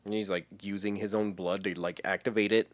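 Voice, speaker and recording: A man co-hosting a podcast, chatting about a fantasy series in a jokey, animated way, swearing casually. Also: on the low side, fairly quick, dry recording. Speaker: podcast co-host.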